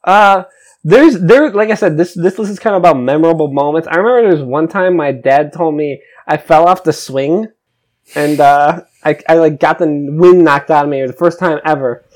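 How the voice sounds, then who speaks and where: A young man telling animated stories in casual chat, swearing and acting out his own reactions. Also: on the high side, normal speed. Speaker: podcast co-host.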